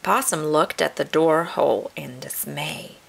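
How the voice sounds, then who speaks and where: A woman reading a picture book aloud to children in an expressive storytelling manner. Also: sits low, unhurried, vocal fry, husky. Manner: warm, expressive read-aloud delivery.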